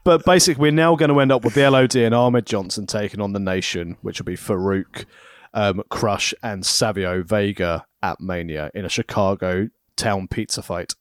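A man's voice: on the low side, fairly even intonation, moderate pace, no echo, clean studio sound. A man co-hosting a casual chat, making wry jokes. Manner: wry, jokey. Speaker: podcast co-host.

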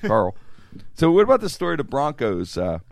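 A man hosting a talk show, telling a long story in a casual, animated way, doing other people's voices and laughing often. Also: on the high side, fairly quick, vocal fry.

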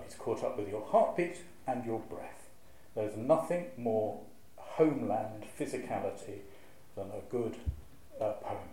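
A man, a clergyman, giving a lively, wry lecture to a live audience and reciting verse with a strong rhythm. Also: fairly low pitch, measured pace, slight background noise. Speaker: clergyman giving a talk on preaching. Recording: very echoey hall, faint ambience.

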